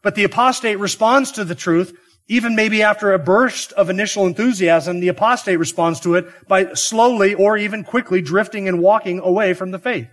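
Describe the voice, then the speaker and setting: High-voiced man preaching a sermon. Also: fairly quick, fairly bright tone. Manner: earnest, emphatic preaching with rhetorical questions. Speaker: pastor. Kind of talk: expository sermon.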